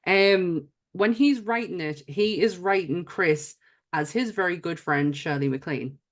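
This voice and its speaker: A woman's voice: fairly low pitch, measured pace. A woman from England co-hosting a film podcast in casual chat, swearing now and then and often restarting her sentences. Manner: chatty, swears, trails off and restarts. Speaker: podcast co-host.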